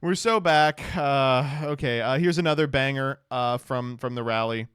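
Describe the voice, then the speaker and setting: A man streaming casual reaction commentary, animated, swearing freely and laughing often. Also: mid-range voice, normal speed, smooth, no room sound, clean studio sound.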